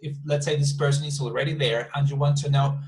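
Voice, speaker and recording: A man's voice: on the high side, little pitch movement, quick pace, darkish tone, low-quality recording. A male English teacher, patiently explaining homework in an online class and often repeating words.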